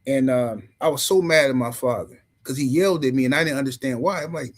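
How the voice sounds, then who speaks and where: A man hosting a podcast, telling stories in an animated way and swearing freely. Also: medium pitch, brisk, poor audio. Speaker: podcast host. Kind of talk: podcast commentary.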